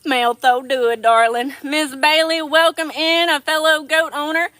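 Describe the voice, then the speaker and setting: A woman's voice: high-pitched, fairly even intonation, moderate pace, sharp tone, dry recording. A woman hosting a casual livestream, affectionately greeting viewers as darling. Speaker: livestream host.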